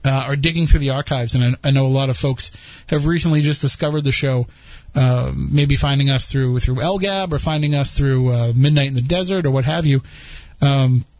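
A man's voice: mid-range voice, fairly quick, hardly any pauses, a little mellow, no echo. A man hosting a podcast, chatting casually and rambling with frequent restarts. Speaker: podcast host. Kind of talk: casual chat.

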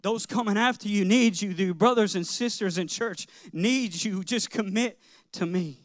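A man's voice: high voice, normal speed, dry recording, clean studio sound. A middle-aged man, a pastor, preaching a sermon in an earnest, personal way, telling childhood stories with light laughter.

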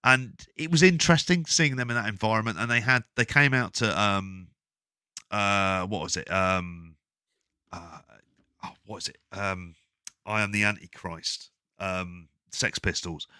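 A man co-hosting a casual wrestling podcast, talking in a sweary, rambling, animated way. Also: on the low side, unhurried, clean tone, dry recording, studio quality. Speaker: podcast co-host.

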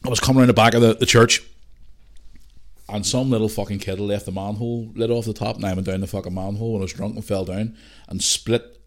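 A Northern Irish man in his thirties hosting a podcast, telling rambling stories in casual chat and swearing freely. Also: lowish voice. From Northern Ireland. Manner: swears a lot, rambling storytelling. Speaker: podcast host.

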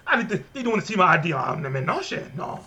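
Guy doing a rowdy louisiana accent, crude ranting dude, high and loud. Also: very animated, quick pace, dull audio, heavily acted.

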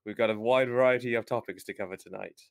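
A man co-hosting a livestream game talk show, speaking in a measured, unhurried way with fillers. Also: medium pitch, gravelly, dry recording, clean studio sound. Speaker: co-host.

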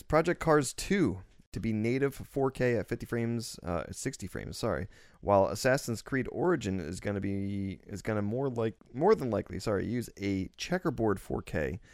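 A young man co-hosting a casual podcast, reading news items aloud with fillers and quick self-corrections. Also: mid-range voice, animated, darkish tone, no echo, clean studio sound. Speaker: podcast co-host. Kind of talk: casual chat.

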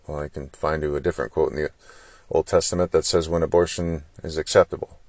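A man's voice: rumbling low, little pitch movement, fast, a little mellow, dry recording, clean studio sound. A man hosting a solo podcast, talking through his frustration in a lecturing stream of rhetorical questions. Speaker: podcast host. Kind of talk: solo opinion monologue.

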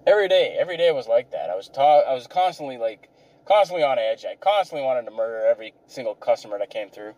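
A man's voice: medium pitch, very animated, fast talker, darkish tone, no room sound, low-quality recording. A tired man telling rambling, profane stories about old jobs, from a car. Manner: profane, rambling, self-deprecating. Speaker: vlogger. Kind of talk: rambling storytelling.

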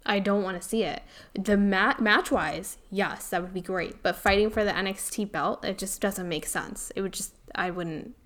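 Woman, co-host, casual banter, medium pitch, blunt and dismissive. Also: normal speed, fairly bright tone. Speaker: podcast co-host. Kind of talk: casual wrestling chat.

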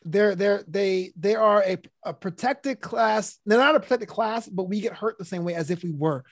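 A man with a notably high speaking voice talks casually on a podcast, laughing often and dropping into little put-on voices for a joke. The sound is dry and close, with no room around it. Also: normal speed, no room sound. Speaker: podcast co-host and comedian.

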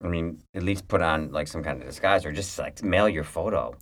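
Low-voiced blunt grumbling man. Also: a little fast, fairly bright tone, no echo. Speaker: podcast co-host. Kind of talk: casual chat.

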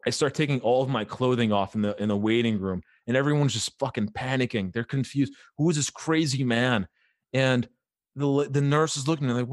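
A man's voice: medium pitch, brisk, no echo, studio quality. A young man in his twenties telling a story in casual chat, swearing freely, laughing mid-story and acting out what people said.

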